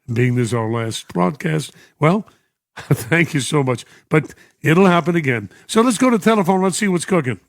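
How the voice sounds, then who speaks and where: A man's voice: fairly high pitch, expressive, normal speed, gravelly, no room sound, clean studio sound. An older man with a New York accent, hosting a radio show and reading listener messages, emotional and chuckling often. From United States. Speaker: radio host. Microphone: studio microphone.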